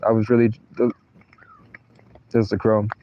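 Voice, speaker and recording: Low, flat-voiced man rambling on a livestream. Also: unhurried, highs cut off. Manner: meandering, profane, trails off mid-sentence. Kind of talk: rambling personal livestream monologue. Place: inside a tent during a thunderstorm.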